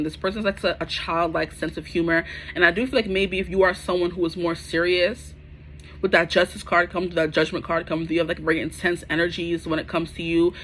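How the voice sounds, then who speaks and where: A woman in her twenties doing a casual, chatty tarot reading to camera, full of slang and animated asides. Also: on the low side, slight background noise. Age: 20s. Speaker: tarot reader.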